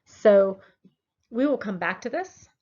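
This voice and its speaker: A woman's voice: mid-range voice, lively intonation, takes it slowly, lo-fi sound. Tired-voiced woman lecturing over a laptop. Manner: explanatory, with frequent fillers and restarts. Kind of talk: recorded online lecture. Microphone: laptop mic.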